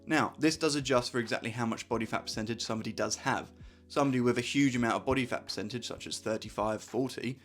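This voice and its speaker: A man's voice: mid-range voice, fast talker, fairly bright tone, faint music behind. A young man, chatting casually as he explains calorie deficits in a fitness vlog, upbeat and step by step. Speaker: fitness vlogger.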